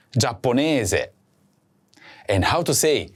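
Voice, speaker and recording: A man hosting a language lesson, speaking slowly and clearly and saying each word twice for practice. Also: mid-range voice, big pitch swings, a little hiss or hum. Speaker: language teacher host. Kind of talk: slow scripted lesson with repeat-after-me drills.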